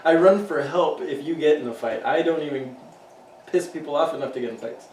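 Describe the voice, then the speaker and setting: A man co-hosting a podcast in loose, profane banter. He laughs often and his voice sits a little high. He sounds off-mic in an echoey room with a faint hiss underneath. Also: a little fast, a little mellow, far from the mic. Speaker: podcast co-host. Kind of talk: casual chat.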